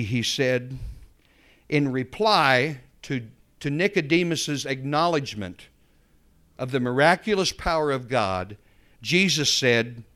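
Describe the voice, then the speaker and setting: A male pastor delivering a sermon at an unhurried, measured pace. He tells a story in a conversational way, then rises into fervent, emphatic preaching. His voice sits at an ordinary middle pitch. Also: pushed and bright.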